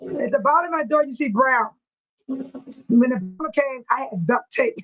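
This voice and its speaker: A woman's voice: sits high, animated, normal speed, fairly bright tone, rough recording. A middle-aged woman from California hosting a casual livestream from her home, chatting with viewers by name and laughing often. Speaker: livestream host. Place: home room near a bathroom.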